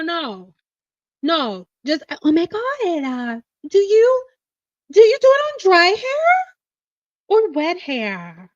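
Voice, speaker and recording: A blunt, teasing woman hosts a casual livestream rant, her voice sitting high. The audio is slightly dull and dry. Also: a bit bright, no room sound. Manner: blunt, teasing, laughs often. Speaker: hairstylist livestream host. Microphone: livestream mic.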